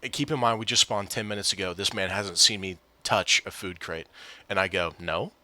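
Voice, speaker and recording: A man's voice: low voice, a little fast, sharp tone, dry recording. A man telling a gaming story in a casual, exasperated rant, often swearing and replaying what others said. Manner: exasperated, profane, retells quotes.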